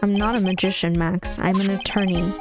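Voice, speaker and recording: A woman's voice: medium pitch, flat delivery, fairly quick, over music, close to an everyday voice. A woman reading the lines of an earnest young male defense attorney in a plain, matter-of-fact way.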